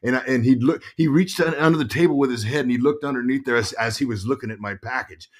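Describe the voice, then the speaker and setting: A middle-aged man, a former ballplayer, telling stories as an interview guest in a lively, halting way that often repeats words. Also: medium pitch. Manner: animated storyteller, repeats words while thinking. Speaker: guest, former pro baseball player and broadcaster. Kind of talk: casual interview storytelling.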